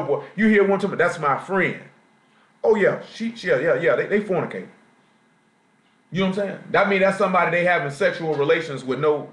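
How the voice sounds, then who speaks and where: A man preaching a slangy street-talk sermon in a Southern US accent, often asking the congregation questions. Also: high voice. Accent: Southern US, Jacksonville Florida. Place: church assembly room. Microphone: live stream recording. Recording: echoey room, live stream.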